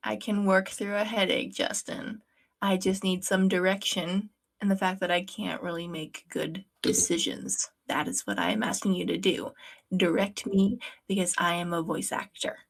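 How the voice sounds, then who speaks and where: Blunt woman with a gravelly voice. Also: medium pitch, steady tone, moderate pace. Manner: blunt, swears casually, argumentative. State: has a headache. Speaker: voice actor. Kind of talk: casual chat on a recording stream.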